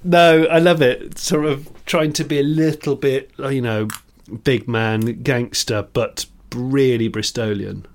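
A man's voice: medium pitch, steady tone, slow pace, few pauses. Rambling British man telling car stories. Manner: rambling, anecdotal, with frequent restarts and chuckles. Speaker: podcast co-host. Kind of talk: casual chat.

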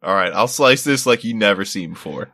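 A man's voice: on the low side, animated, brisk, gravelly, sharp tone, no room sound, studio quality, exaggerated voice. A man putting on the voice of a brash, swaggering guy demanding a hoagie, over a remote call recording.

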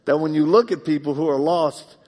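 A man preaching a live sermon in a church, telling personal stories heartfelt, moving between loud, emphatic bursts and hushed, quiet passages. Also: fairly high pitch, steady tone, brisk. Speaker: pastor. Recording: long reverb of a large hall.

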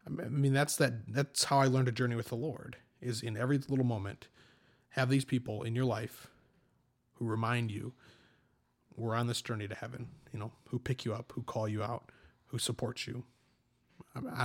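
A young man with a mid-pitched voice co-hosts a relaxed faith conversation. He tells stories animatedly, pokes fun at himself and laughs easily. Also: a little fast. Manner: animated storyteller, self-deprecating, laughs often. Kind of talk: casual faith discussion.

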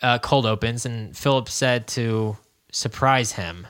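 A man's voice: mid-range voice, slow, a bit bright, clear, resonant tone. A man co-hosting a podcast in casual chat, rambling loosely and laughing often. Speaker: podcast co-host.

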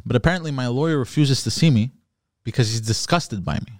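A man's voice: mid-range voice, fast, darkish tone, no echo, clean studio sound. A man co-hosting a podcast, telling a long dream story in casual chat, with lots of fillers and restarts. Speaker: podcast co-host.

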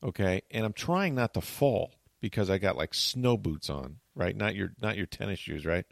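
A man hosting a talk show, telling a long story in animated, chatty fashion and acting out what people said. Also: low-pitched, normal speed, vocal fry, no echo, clean studio sound. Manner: tells long stories, acts out quotes.

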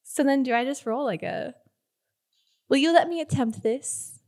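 Giggly high-voiced woman playing a tabletop game. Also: moderate pace, a little mellow. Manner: giggly, playful, jumps into silly voices. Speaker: player.

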